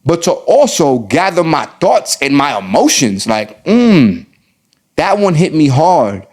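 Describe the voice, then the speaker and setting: A man's voice: fairly high pitch, sing-song. Earnest New podcast host, man. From the Bronx, New York. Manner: earnest and emphatic, repeats phrases, slows down to stress points. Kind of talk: solo podcast advice talk.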